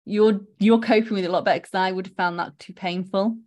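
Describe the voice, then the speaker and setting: A woman's voice: medium pitch, steady tone, quick pace, a little mellow. A woman guest on a podcast, talking candidly and conversationally about her own life. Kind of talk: casual interview chat.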